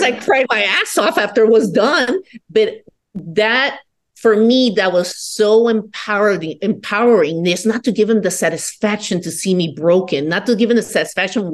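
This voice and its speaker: A woman from Peru, a podcast guest, telling her personal story in a candid, profane and defiant way. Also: mid-range voice.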